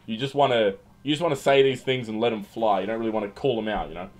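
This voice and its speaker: Irreverent livestream host. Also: male voice, lowish voice, steady tone, fast talker. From Australia. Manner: irreverent, jokey, swears freely, repeats words. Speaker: livestream host reading chat. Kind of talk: casual livestream chat.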